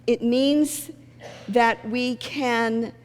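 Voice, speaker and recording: A woman's voice: a little high, fairly even intonation, very slow, long reverb tail. A woman minister giving a sermon in a conversational, storytelling way, acting out the people in her stories. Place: church sanctuary.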